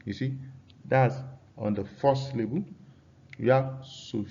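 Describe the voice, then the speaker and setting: A man with a Nigerian English accent who teaches a pronunciation lesson, reading rules from slides, saying example words slowly over and over, and asking his students questions. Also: mid-range voice, fairly even intonation, vocal fry, warm tone. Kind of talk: classroom lesson. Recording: dull lo-fi sound.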